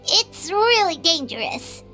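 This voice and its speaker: An actress voicing a tiny, chatty floating companion creature in a video game, talking quick and expressive, recorded in a studio. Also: female voice, very high voice, faint music behind, full character voice.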